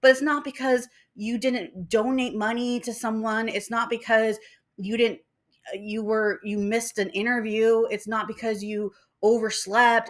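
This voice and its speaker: With a sharp, mid-range voice, a young spiritual vlogger rants to camera in a casual way about spiritual ideas. She gets worked up, drops frequent swear words and voices other people's lines.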